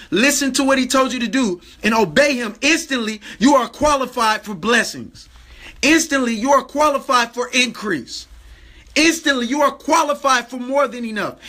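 A man delivers a livestream sermon in a fervent, repeating preacher's cadence. His voice sits very high for a man and rings bright and forceful.

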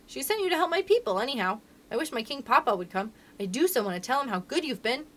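A woman voicing a sweet, eager young princess girl in a storybook reading, speaking high and breathless with excitement. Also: fast talker, full character voice.

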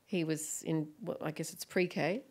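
Woman, middle-aged, stage guest; low and gravelly, animated storyteller who acts out voices. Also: unhurried. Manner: animated storyteller acting out quoted voices, laughing often. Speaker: guest author and film director. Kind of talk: stage conversation, anecdotal storytelling.

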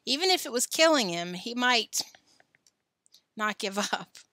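A fretful young boy from a storybook, voiced by a woman reader, anxious and chewing over every worry. His voice is bright and a little raised. The sound is close and dry. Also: fairly high pitch, lively intonation, measured pace, no room sound, pitched above the performer's own voice. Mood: worried. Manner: anxious, fretting.

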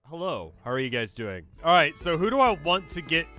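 A man streaming a video game, chatting casually and telling stories in an animated way, acting out the people in them. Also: on the high side, brisk, faint music behind. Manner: animated storytelling, acts out other people. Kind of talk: casual gameplay commentary.

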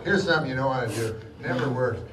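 A middle-aged man doing live stand-up with a deadpan, rambling delivery and mumbled fillers, heard in a large hall with a live audience. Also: medium pitch, quick pace, distant mic, very noisy. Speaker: stand-up comedian. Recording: roomy live hall, loud crowd laughter.

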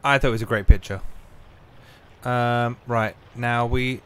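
A man's voice: medium pitch, fairly even intonation, a little slow, a little hiss or hum. A man playing a video game and giving goofy, self-mocking, rambling let's play commentary. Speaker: gaming youtuber.

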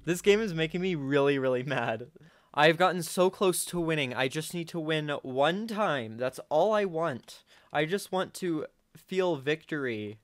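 A man giving casual gameplay commentary, talking to himself and breaking into sudden high-pitched outbursts at a desk microphone. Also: animated, a little slow. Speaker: gaming channel host.

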